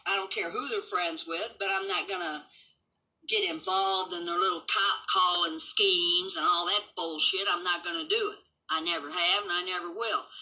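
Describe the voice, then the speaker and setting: Brief: older woman, 70s, home livestream host; combative and unfiltered, piercingly bright timbre. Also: lowish voice, low-quality recording. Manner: blunt, combative, swearing, defiant. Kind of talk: unscripted livestream rant.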